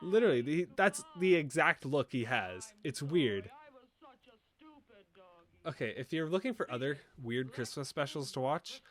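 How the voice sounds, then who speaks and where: A man's voice: medium pitch, lively intonation, unhurried. A young man hosting a casual commentary video, rambling and joking with mock-indignant asides.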